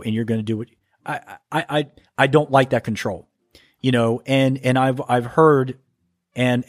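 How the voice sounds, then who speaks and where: A man hosting a podcast from home talks casually through listener mail. He often stumbles and restarts mid-sentence. His voice sits at an ordinary pitch and sounds close and dry, with no room around it. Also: no echo. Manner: halting, stumbles and restarts when reading aloud. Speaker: podcast host.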